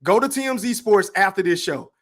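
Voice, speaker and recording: Podcast guy going off on stream, cussing, shouting out donors, voice jumps high and low, aave. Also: brisk. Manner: profane, animated, hypes donations with shout-outs. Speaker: podcast host. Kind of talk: livestream podcast rant.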